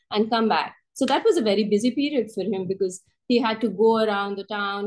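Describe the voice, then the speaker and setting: Expressive woman storyteller narrating. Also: poor audio. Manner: expressive, lifts her pitch for quoted voices. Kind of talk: first-person story narration. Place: storytelling workshop.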